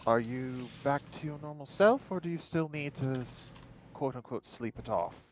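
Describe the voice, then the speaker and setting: A man voicing a steady, caring male undead companion who speaks gently and earnestly. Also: medium pitch, unhurried, a little hiss or hum, voice pushed up, lightly acted. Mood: friendly.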